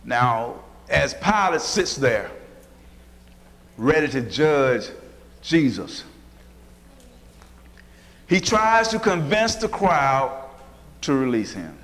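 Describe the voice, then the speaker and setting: A man preaches a sermon and retells Bible stories in a homey, folksy way. His voice sits at a medium pitch, and he slips into different voices for the people he describes. The sound rings with a long reverb, as in a large church hall. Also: sing-song, drawn-out words, pauses often, fairly bright tone. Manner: folksy storytelling, acting out Bible figures in varied voices.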